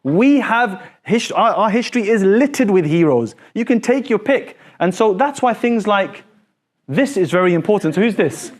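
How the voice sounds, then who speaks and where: A high-voiced male teacher lectures a classroom. He talks in an animated way, pressing his students with repeated questions like "so what?" and "why is that important?". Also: moderate pace.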